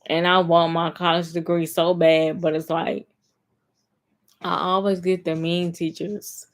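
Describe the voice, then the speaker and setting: Speaking a little slowly with little pitch movement, a young vlogger tells a rambling story straight to her camera. Her slightly low voice is full of filler words and emphatic repetition.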